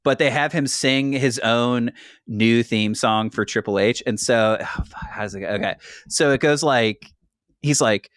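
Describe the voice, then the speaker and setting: A man in relaxed podcast banter, animated and playful, who keeps slipping into goofy bits. His voice sits at an ordinary middle pitch and is recorded close and dry, with no room sound. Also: unhurried, no echo. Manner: animated, joking, breaks into impressions. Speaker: podcast co-host. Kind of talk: casual chat.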